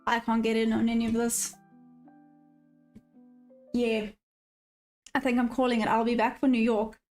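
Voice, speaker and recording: A South African woman with a slightly high voice hosts a live stream in a relaxed, chatty way. She answers her viewers' comments as they come in, over soft background music. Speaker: day-trading livestream host. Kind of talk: casual live-stream chat. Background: faint background music.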